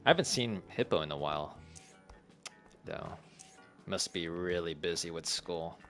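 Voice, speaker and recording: A gaming streamer with a low, expressive voice plays a cozy renovation game, talking slowly and easily in relaxed commentary. He reads and chats with his viewers, chuckling often in a laid-back way, while faint, soft game music plays behind him.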